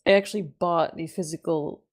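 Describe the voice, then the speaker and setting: A woman co-hosting a casual podcast, chatty and quick to laugh. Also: lowish voice, fairly even intonation. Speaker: podcast co-host.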